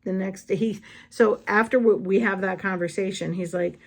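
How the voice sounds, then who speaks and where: A woman's voice: medium pitch, fairly even intonation, normal speed. A woman vlogger telling candid, blunt stories in a casual chat while she does crafts.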